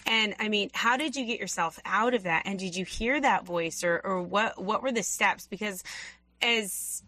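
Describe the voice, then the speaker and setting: A woman's voice: medium pitch, moderate pace, sharp tone, poor audio. A woman hosting a faith-based interview show, earnestly probing and repeating her questions. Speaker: podcast host.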